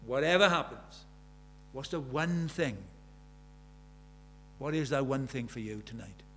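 In church, a preacher in his seventies delivers a sermon, urging the congregation with earnest rhetorical questions. His medium-pitched voice is animated and fairly bright, at a measured pace, with slight background noise.

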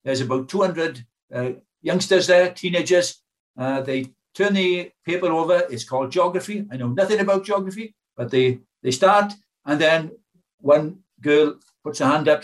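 A man's voice: fairly high pitch, moderate pace. An older British man preaching a sermon in an earnest, pleading way, asking his hearers many questions.

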